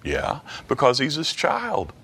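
A man preaching a Bible study sermon, halting and restarting, reading scripture aloud and asking the listeners many rhetorical questions. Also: fairly high pitch, big pitch swings, a bit bright, breathy edge. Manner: reads King James scripture aloud.

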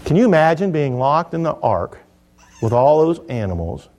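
A middle-aged man preaches a sermon with a slightly high-pitched voice. He tells it in a folksy, joking manner, pressing hard on some lines and dropping to quiet asides on others. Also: big pitch swings, normal speed. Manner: folksy, jokey, swings between loud emphasis and quiet asides.

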